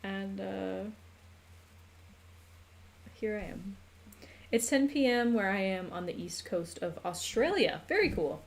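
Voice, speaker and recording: A woman's voice: mid-range voice, lively intonation, takes it slowly, vocal fry, pauses often. An American woman streaming casually at home, chatting and laughing with viewers and her pets while she draws a map. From United States. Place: home room.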